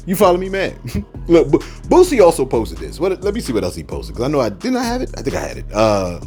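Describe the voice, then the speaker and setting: A man's voice: medium pitch, fast, faint music behind. A man hosting a celebrity news channel, joking in casual commentary with lots of fillers. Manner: animated, joking, many fillers and repeated "man" and "look".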